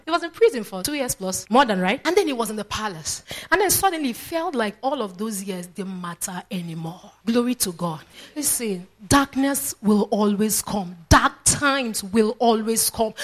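A woman preacher, delivering a sermon with fervent praise exclamations and questions to the congregation. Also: mid-range voice.

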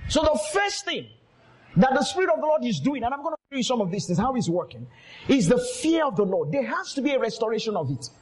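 A pastor preaching with a very high, animated voice that leaps up and down in pitch. He speaks emphatically, calls out to his congregation and tells stories full of quoted voices. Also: fast talker, poor audio. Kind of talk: sermon.

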